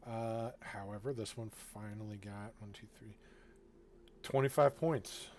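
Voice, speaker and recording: A man acting as game master, narrating a tabletop game in a relaxed way, often chuckling and filling his talk with ums and uhs. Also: lowish voice, measured pace, slight background noise. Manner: relaxed, chuckling, with filler-heavy asides.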